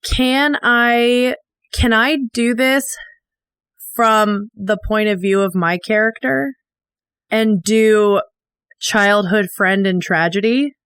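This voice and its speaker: A woman's voice: medium pitch, steady tone, takes it slowly, fairly bright tone, clean tone, dry recording, studio quality. A woman chatting and laughing at a tabletop game, thinking aloud as she describes a card. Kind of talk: casual chat at the game table.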